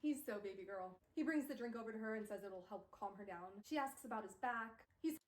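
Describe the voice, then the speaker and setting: A woman casually recapping a novel in a playful, animated way, tossing in quick character asides. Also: medium pitch, recorded from a distance. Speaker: book recap video creator. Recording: roomy, off-mic recording.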